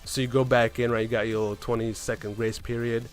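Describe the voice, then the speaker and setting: A man's voice: mid-range voice, flat delivery, fast, soft background music. A man casually telling a story about a game run, rambling along and often tagging on "right?" and "man". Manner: rambling, keeps asking "right?" and saying "man".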